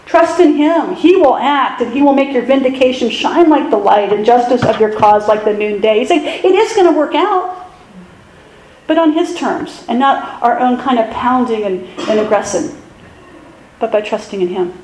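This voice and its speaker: A woman pastor giving a sermon in a conversational, self-deprecating way with animated asides. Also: fairly high pitch, normal speed, roomy sound, a little hiss or hum, low-quality recording.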